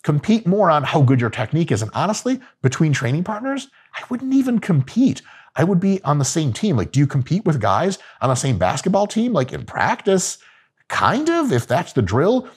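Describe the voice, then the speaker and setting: A man's voice: fairly high pitch, wildly swooping pitch, moderate pace, breathy edge. A man giving casual, profane, joking coaching talk about gym training. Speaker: fitness coach.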